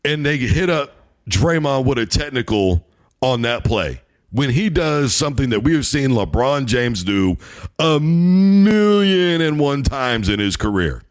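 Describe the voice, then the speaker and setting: A man's voice: mid-range voice, big pitch swings, unhurried. A man hosting a sports talk show, giving a heated, emphatic opinion monologue.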